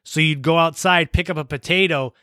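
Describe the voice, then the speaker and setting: Man, slightly high voice, casual storyteller, chuckling, dry close recording. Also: brisk, pushed and bright, clear, resonant tone, dry recording. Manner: laughs while telling anecdotes. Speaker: podcast host.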